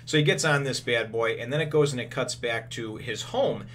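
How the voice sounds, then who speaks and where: A man's voice: medium pitch, moderate pace, fairly bright tone, a little hiss or hum. A man casually recapping a comic chapter, rambling with many fillers and restarts. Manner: acts out characters' quotes in retelling. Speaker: manga reviewer.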